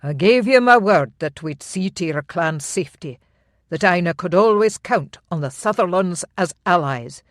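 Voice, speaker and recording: An audiobook narrator voicing a calm, firm Highland laird who speaks in a measured, assertive way. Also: dry recording, clean studio sound, lightly acted.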